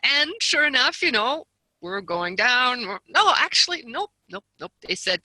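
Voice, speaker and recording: Very bright animated woman storyteller. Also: on the high side, moderate pace, no echo, rough recording. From lives near Seattle. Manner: animated, acts out quoted voices, laughs often. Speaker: guest author and seminar leader. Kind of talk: storytelling in a conversation.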